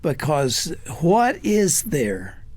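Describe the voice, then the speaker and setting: An older man hosting a radio interview, asking questions in a slow, deliberate way. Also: fairly high pitch, wildly swooping pitch, a little mellow, dry recording. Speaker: radio host.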